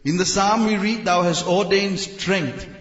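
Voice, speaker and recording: Man preaching a sermon, kinda high voice, big roomy echo, slow and animated. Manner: animated, mimics people, leads the crowd in shouts. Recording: echoey hall, dull lo-fi sound.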